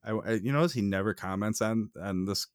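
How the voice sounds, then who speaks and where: A man's voice: on the low side, brisk, clean tone, no room sound. A young man co-hosting a podcast, telling stories with mock indignation and lots of teasing. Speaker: podcast co-host. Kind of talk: casual chat.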